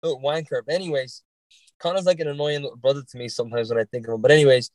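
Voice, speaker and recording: A man's voice: mid-range voice, steady tone, very fast, darkish tone, no room sound. An Irish man with a light Dublin accent that has a touch of Boston in it. He is a podcast guest telling stories in a rambling, profane way and laughs often. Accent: Irish, Dublin leaning, slight Boston. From Ireland. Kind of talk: casual interview chat.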